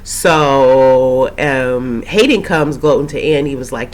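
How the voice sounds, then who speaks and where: A woman recapping a TV episode in a casual, rambling way, her voice slightly hoarse after a cold. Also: rumbling low, slow. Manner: chatty, rambling, with frequent fillers and asides. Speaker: TV recap host.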